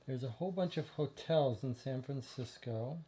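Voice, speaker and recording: A man talks through a detective game at a relaxed pace. His voice is mellow and unhurried as he thinks aloud and reads place names and clues from the screen. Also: medium pitch, slightly rough. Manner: thinking aloud, reading case text. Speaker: game player reading aloud. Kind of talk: casual let's-play commentary and reading.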